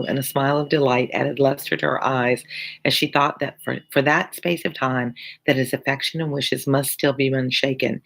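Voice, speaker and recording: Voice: medium pitch, vocal fry, a bit bright, rough recording. A teacher reading a novel aloud on a live stream, breaking off for chatty asides to viewers. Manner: chatty asides between passages.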